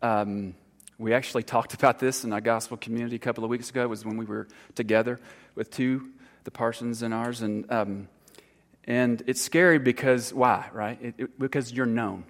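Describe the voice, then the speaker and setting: A man, a church counselor giving an informal sermon talk, earnest and halting, full of fillers and restarts. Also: medium pitch, steady tone. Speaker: church counselor speaking to congregation. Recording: long hall reverb.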